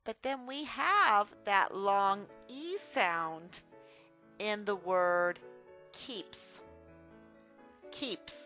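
Very slow, careful woman reading tutor. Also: medium pitch, animated. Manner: slow, careful, stresses each word. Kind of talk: phonics lesson read aloud. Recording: dull lo-fi sound with faint music.

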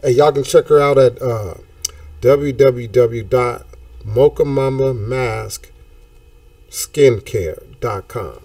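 A man hosting a casual talk show, talking in an animated, slangy way and throwing out hype catchphrases. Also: medium pitch, slow, dry recording, recorded from a distance.

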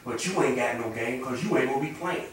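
A man's voice: medium pitch, quick pace, a little hiss or hum. Man chiming in with teasing remarks. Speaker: adult man backing up the mother. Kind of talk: prank skit, casual chat. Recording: echoey room from far off.

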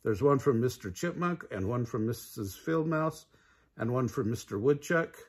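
An older man voicing a gentle, kind male rabbit with a soothing, husky voice. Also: medium pitch, expressive, normal speed.

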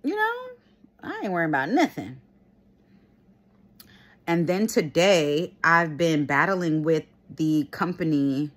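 A woman with a somewhat low voice chats through a casual storytime vlog. She rambles happily, full of fillers and quick laughs, and her tone swings as she goes. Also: sing-song. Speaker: vlogger.

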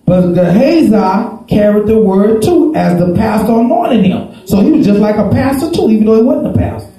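A man preaching in a church, his voice dark and mellow yet pitched a little high. He tells Bible stories in a folksy way and rises into shouts. The sound rings around a very echoey room. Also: animated, moderate pace. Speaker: pastor. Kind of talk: sermon. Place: church sanctuary.

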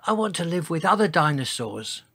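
A man voicing a huge, gentle male dinosaur who speaks in a tiny, timid whisper, reading a storybook aloud. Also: fairly high pitch, big pitch swings, moderate pace, breathy edge, dry recording, pitched above the performer's own voice, full character voice. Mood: pleading. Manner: timid, soft, pleading. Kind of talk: storybook voice acting.

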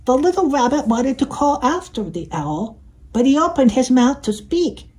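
A woman reading a picture book to children, gentle and playful, inviting the listener to join in. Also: high-pitched, big pitch swings, normal speed, poor audio. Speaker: storyteller.

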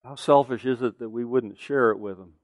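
A man's voice: medium pitch, a little fast, no echo. A middle-aged man preaching a sermon as pastor, earnest and conversational, asking the listeners pointed rhetorical questions.

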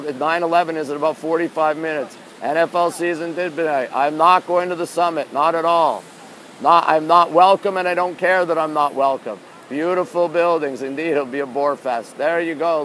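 A man's voice: on the high side, a bit bright. A man with a New York accent live-streaming outdoors on a rainy city street at night, chatting casually and reading viewers' comments aloud into a phone held in one hand. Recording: faint street noise behind.

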